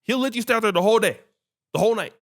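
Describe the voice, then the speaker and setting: A man hosting a podcast who tells stories in casual chat, animated and swearing freely while acting out what people said. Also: high voice, very fast. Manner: animated, acts out quoted dialogue, swears freely. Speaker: podcast host.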